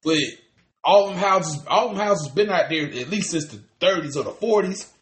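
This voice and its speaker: A man's voice: high-pitched, normal speed, roomy sound. A man, co-hosting a podcast in casual chat, ranting animatedly and cursing with lots of restarts. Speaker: podcast co-host.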